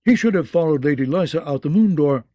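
A man's voice: fairly high pitch, expressive, quick pace, dark tone, no room sound, lightly acted. A man voicing a harsh male knight who bluntly declares a sentence.

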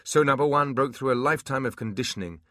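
A man narrating a fantasy audiobook in an expressive storytelling manner. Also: medium pitch, fast, no echo, clean studio sound.

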